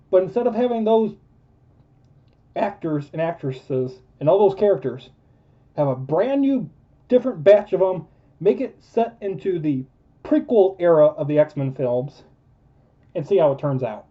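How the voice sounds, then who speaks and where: A man ranting in a film review vlog, emphatic and repetitive, losing his voice. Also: fairly high pitch. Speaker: movie reviewer. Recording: dull lo-fi recording.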